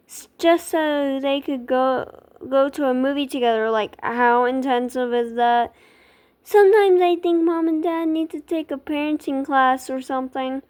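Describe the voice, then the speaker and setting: A woman reading a children's book aloud in an expressive, dramatic way, with small stumbles. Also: sits high, measured pace.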